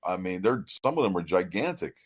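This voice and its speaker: A man's voice: deep voice, sing-song, brisk, slightly rough. A man co-hosting a podcast, chatting casually and reacting enthusiastically with short remarks. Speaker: podcast co-host. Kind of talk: casual chat.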